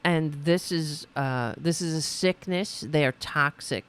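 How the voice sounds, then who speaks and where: A woman's voice: low voice, a little slow, clean tone. A woman hosting a political commentary livestream, talking in an indignant, sarcastic and profane way. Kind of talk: livestream commentary reacting to clips.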